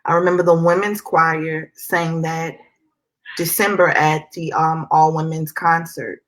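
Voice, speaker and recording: A woman hosting an interview, admiring and unhurried as she introduces her guest. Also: deep voice, level tone, fairly bright tone, low-quality recording. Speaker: interview host. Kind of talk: casual interview.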